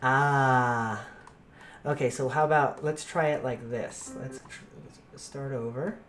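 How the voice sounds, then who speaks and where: A man's voice: mid-range voice, steady tone, slow pace, a bit bright. A man hosting a casual gaming podcast from home, loose and chatty and laughing often. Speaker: podcast host. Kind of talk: casual chat.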